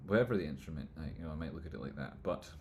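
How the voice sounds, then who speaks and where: A man hosting a live stream, answering chat questions in rambling talk that trails off into mumbles and jumps to loud jokey bursts. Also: a bass voice, expressive, racing, slight background noise. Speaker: livestream host answering chat. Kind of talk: casual live chat, stock chart commentary.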